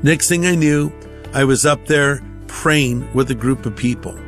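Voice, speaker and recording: A man's voice: medium pitch, unhurried, fairly bright tone, soft background music. A man giving a conversational personal testimony, acting out the voices of the people in his stories.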